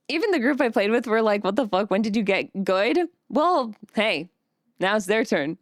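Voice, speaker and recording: A woman's voice: mid-range voice, expressive, normal speed, no echo, clean studio sound. A woman streaming live, chatting casually and bubbly, greeting her chat by name with a giggly manner. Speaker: vtuber streamer.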